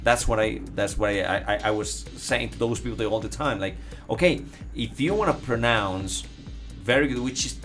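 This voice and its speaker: Male host, hesitant, restarts a lot, mid-pitched, faint music under him. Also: moderate pace, a bit bright. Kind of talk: casual interview.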